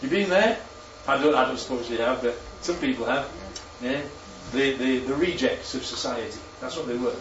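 A man's voice: mid-range voice, normal speed, hardly any pauses, background noise. Man preaching in a roomy church hall. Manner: interactive, asks the congregation questions. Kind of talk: sermon. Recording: roomy, distant, muffled hall recording.

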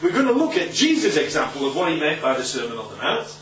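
A man with a fairly high voice preaches fast to a live audience, giving sermon-style Bible teaching with emphatic, lively delivery and checking in with rhetorical questions. The room recording is echoey, distant, and muffled, with a little hiss or hum.

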